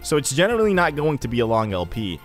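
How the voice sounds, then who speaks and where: Young male let's-play host, mid-pitched, rambling chatter, yelps when excited, faint game music behind. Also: fast. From Egyptian heritage. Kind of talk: casual gameplay commentary.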